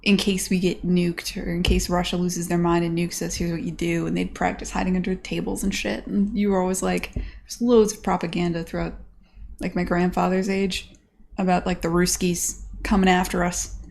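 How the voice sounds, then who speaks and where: A woman's voice: lowish voice, level tone, moderate pace, creaky, a little mellow, slight background noise. A woman streamer chatting casually, rambling along with lots of "like" and restarts. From United States. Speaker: game dev streamer. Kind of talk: casual chat.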